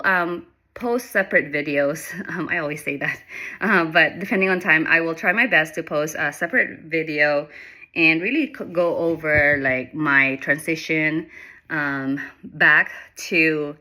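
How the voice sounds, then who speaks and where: A woman's voice: low-pitched, sharp tone. A nurse talking to her viewers in a casual life-update vlog, earnest and heartfelt, with lots of fillers. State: emotional near the end. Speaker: nurse and vlogger.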